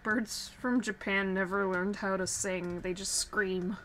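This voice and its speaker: Female streamer, casual chatter, mid pitch, light background noise. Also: a little slow. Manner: chatty, laughs often, animated when telling stories. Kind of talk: casual chat while drawing on stream.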